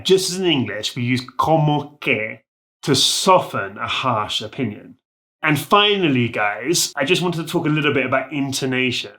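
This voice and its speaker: Guy teaching spanish on video, bright tense voice, chatty and upbeat, lots of "like"s. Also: medium pitch. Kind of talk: casual video lesson.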